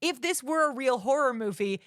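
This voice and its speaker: Chatty woman with a higher voice. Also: expressive, a little fast, a bit bright, dry recording, clean studio sound. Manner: chatty, emphatic, says "like" often. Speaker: podcast co-host. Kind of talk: casual movie review chat.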